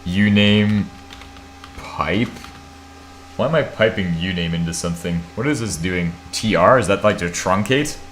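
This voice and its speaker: Low-voiced, sleepy American man streaming. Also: expressive, normal speed, fairly bright tone, slight background noise. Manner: thinks aloud while typing, swears, self-mocking. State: half asleep. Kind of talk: casual live-stream chat.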